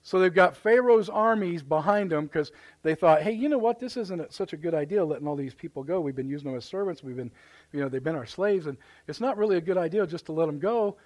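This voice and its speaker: Fast and fairly high-pitched, the man preaches a live sermon in a church sanctuary with his Midwestern American accent. His pastoral storytelling is folksy, full of acted-out voices and exclamations.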